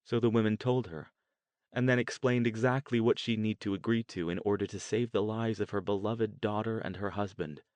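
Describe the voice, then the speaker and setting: A man narrating a novel in a measured, steady storytelling way. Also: lowish voice, no echo. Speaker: audiobook narrator. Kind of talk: scripted narration.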